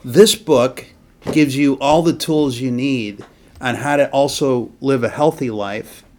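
A man's voice: mid-range voice, takes it slowly, darkish tone. A man hosting a casual faith conversation, talking animatedly and rambling with frequent restarts.

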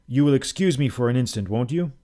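A falsely genial gentleman host with a hearty, chuckling manner, as a man reading a story aloud puts him on. He talks a little higher and louder than the narration around him, and the friendliness hides a cruel streak. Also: expressive, quick pace, lightly acted.

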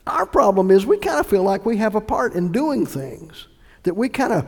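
Pregador de voz aguda e rouca. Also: male voice, sits high, lively intonation, moderate pace, big-room sound. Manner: emphatic preaching with sudden shifts between loud and hushed delivery. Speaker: pastor. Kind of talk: sermon.

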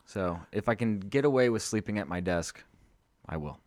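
A man's voice: on the low side, expressive, normal speed, darkish tone, no room sound. A man co-hosting a podcast, rambling and joking in loose, profane banter. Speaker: podcast co-host.

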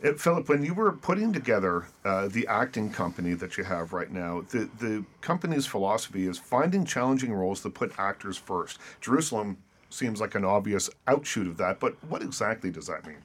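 A man's voice: fairly low pitch, sing-song, fairly quick, slightly rough. A man hosting a studio interview, asking actors about their careers and work. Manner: attentive, brief affirmations. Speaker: interviewer, host. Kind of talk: interview questions.

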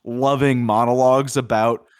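Speaking at a moderate pace with fairly even intonation, this podcast co-host has a clear, resonant, medium-pitched voice. He chats loosely about films, leaning on lots of fillers, in a clean studio recording with no room sound.

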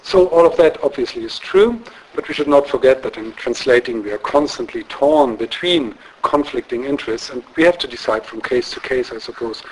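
A man giving an academic lecture in a measured, explanatory way, often checking in with tag questions and filling pauses with um and uh. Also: mid-range voice, a little hiss or hum, poor audio. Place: lecture room.

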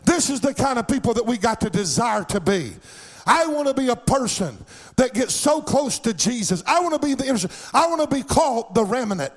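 In a church sanctuary, a pastor preaches with a very high voice, lilting his lines in a sing-song cadence that rises into impassioned shouts. His intonation is lively and his pace a little fast.

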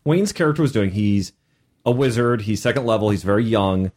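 Man, podcast host, game master, casual chat, animated delivery, lively pitch. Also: brisk. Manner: animated, many restarts and acted quotes.

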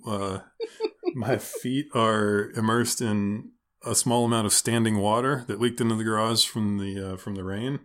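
A man's voice: fairly low pitch, fairly even intonation, unhurried, a bit bright. A man co-hosting a podcast in casual chat, joking and rambling with restarts, his throat sore from wine. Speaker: podcast co-host. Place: garage.

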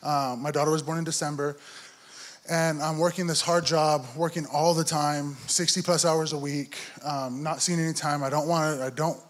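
Young male preacher, sermon testimony, earnest storyteller, voice on the higher side. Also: level tone, normal speed. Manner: earnest storytelling, acts out inner dialogue. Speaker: church speaker giving a testimony.

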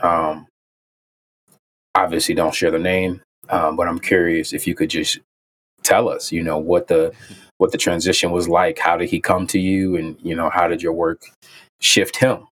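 A man hosting an interview who asks questions in a measured, curious way, with hesitant fillers. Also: low voice, flat delivery, fairly bright tone. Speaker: interview host.

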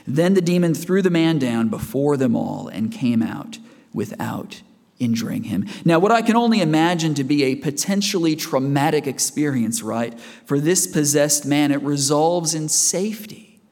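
In a reverberant church hall, a man preaches conversationally and puts questions to the congregation along the way. His voice is a little high and expressive, with a moderate pace and a darkish tone.

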